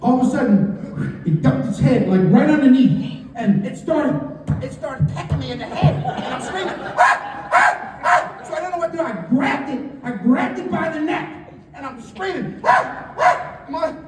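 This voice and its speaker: Male stand-up comic, high voice, animated storyteller; distant mic, heavy stadium echo. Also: normal speed, heavy background noise. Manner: animated storytelling, screams and acts out characters. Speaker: stand-up comedian. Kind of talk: stand-up comedy set. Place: outdoor stadium comedy night. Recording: echoey stadium from a far mic.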